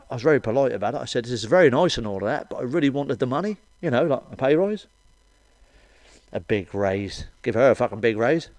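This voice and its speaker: A middle-aged man telling crude stand-up jokes with blunt, sweary, deadpan asides. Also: medium pitch, no room sound. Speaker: stand-up comedian. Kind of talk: crude stand-up one-liners.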